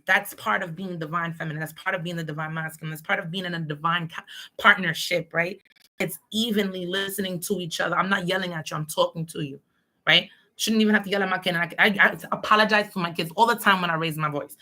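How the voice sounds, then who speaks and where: A woman's voice: on the low side, sharp tone. Blunt, profane woman reading tarot. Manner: blunt, profane, streetwise and preachy. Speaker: tarot reader.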